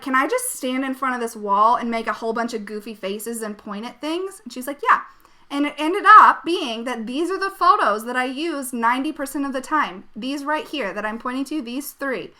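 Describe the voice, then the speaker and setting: Bubbly, bright-voiced woman coach. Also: fairly high pitch. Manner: bubbly, chatty, laughs often, many fillers. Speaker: web design coach. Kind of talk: casual live webinar with Q&A.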